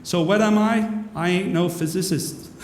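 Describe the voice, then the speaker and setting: A gruff one-eyed cartoon sailor, as a man puts him on, bragging in broken slang a touch higher and louder than his usual voice. The sound rings with the long echo of a hall, and a faint hiss sits underneath. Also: normal speed, close to an everyday voice. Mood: boastful. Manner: slangy ungrammatical sailor talk. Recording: echoey hall with faint noise.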